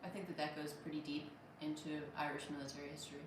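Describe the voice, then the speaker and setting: A woman's voice: low-pitched, fairly even intonation, fast talker, recorded from a distance, noisy background. An American woman in her thirties hosting a casual livestream, joking and thanking viewers by name in a wry tone. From United States. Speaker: livestream host reading viewer comments. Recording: roomy echo from off-mic.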